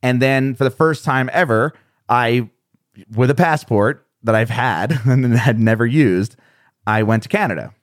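A man's voice: medium pitch, measured pace, no room sound, studio quality. A man as an interview guest, rambling and self-deprecating with frequent restarts. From United States. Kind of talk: conversational interview.

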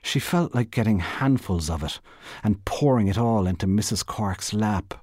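A man reads a literary short story aloud, measured and even. His voice sits very low with a husky grain, recorded close in a dry space. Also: no echo. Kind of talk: literary reading.

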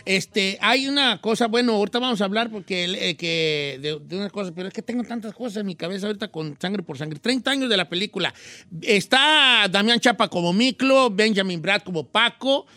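Male host, high sharp voice, eager and rambling, dry sound. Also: quick pace, no room sound. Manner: excited, rambling, switching between Spanish and English. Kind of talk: casual interview talk.

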